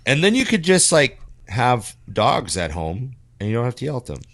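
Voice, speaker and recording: A man's voice: mid-range voice, big pitch swings, moderate pace, a bit bright, no echo. A man co-hosting a podcast, musing aloud in a hesitant way, full of fillers. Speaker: podcast co-host. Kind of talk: casual chat.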